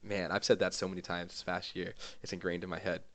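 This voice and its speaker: A male streamer with a low-sitting, level voice records a heartfelt farewell vlog for his gaming community. It's emotional and rambling, full of fillers and pauses.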